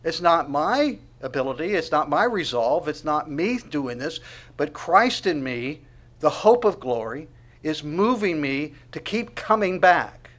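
A man preaching a sermon, asking the congregation questions and swinging from quiet asides to loud proclamation. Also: on the high side, sing-song, a little slow. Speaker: pastor.

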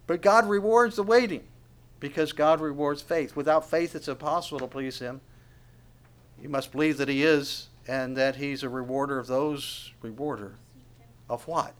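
A man's voice: medium pitch, fairly even intonation, normal speed, smooth. A middle-aged man preaching a sermon in an earnest, emphatic way, often restarting his sentences and acting out quotes.

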